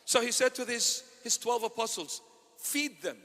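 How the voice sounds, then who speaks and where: A man, a bishop, preaching an impassioned sermon that swings between loud and hushed. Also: extremely high pitch, animated, normal speed. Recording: long hall reverb.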